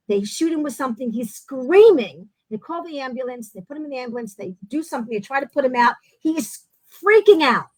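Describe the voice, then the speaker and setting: A woman hosts an interview show, telling stories in an animated way and restarting her sentences often. Her voice sits high. The sound is dry and close. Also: dry recording, poor audio. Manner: animated storytelling with many restarts. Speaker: host. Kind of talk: casual interview chat.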